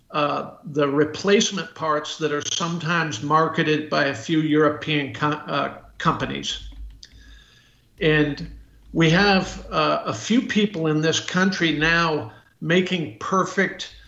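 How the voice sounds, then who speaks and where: A man's voice: a little high, gravelly, sharp tone, echoey room, highs cut off. An American man, a guest expert on a podcast, talking in a blunt, emphatic way with many restarts and fillers. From United States. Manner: halting, full of restarts and fillers. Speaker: guest expert on military rifles. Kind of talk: podcast interview.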